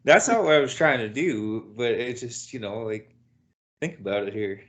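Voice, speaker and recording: A man's voice: medium pitch, lively intonation, moderate pace. A man co-hosting a podcast in casual chat, exasperated and profane. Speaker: podcast co-host.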